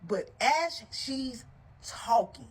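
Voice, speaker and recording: A woman telling a story to her viewers in a casual, animated and blunt way, heavy on profanity, with frequent asides to her listeners. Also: a little high, very slow, noisy background.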